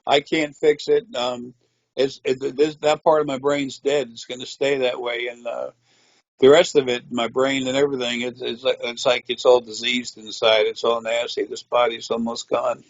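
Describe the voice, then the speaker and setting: A man's voice: mid-range voice, level tone, moderate pace, dry recording, muffled recording. A man telling a rambling personal story in a matter-of-fact way, with frequent swearing. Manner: meandering, profane, matter-of-fact. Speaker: interviewee.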